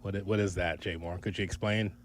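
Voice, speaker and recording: A man's voice: sits low, steady tone, fast, faint music behind. A man hosting a sports radio show, joking with his co-host and giving out the call-in number.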